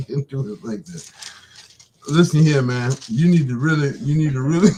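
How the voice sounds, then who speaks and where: A man's voice: fairly high pitch, lively intonation, a little slow, dark tone, a little hiss or hum, poor audio. A man hosting a casual live stream. He chats loosely with his viewers, laughs often and reads Bible passages aloud. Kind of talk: casual chat and Bible reading.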